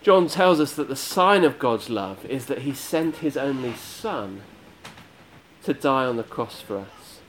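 A man's voice: mid-range voice, lively intonation, measured pace, fairly bright tone, slight background noise. A man preaching a sermon to a congregation, earnest and emphatic, building his points through repeated phrases.

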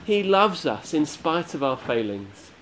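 A man's voice: fairly high pitch, sing-song, unhurried, fairly bright tone, a little hiss or hum. A man preaching a sermon to a congregation, earnest and emphatic, building his points through repeated phrases.

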